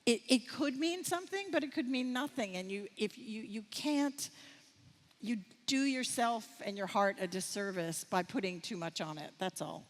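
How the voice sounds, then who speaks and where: An older American casting director giving a masterclass talk, candid and rambling, with many fillers and restarts. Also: female voice, a little high, lively intonation, normal speed. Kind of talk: masterclass conversation. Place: festival stage. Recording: reverberant hall.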